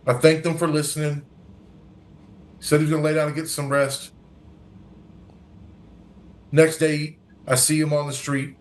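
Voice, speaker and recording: A man's voice: a little high, flat delivery, measured pace, long pauses. A man, a guest from a recovery organization, telling an earnest story in an interview, acting out dialogue and often restarting his sentences.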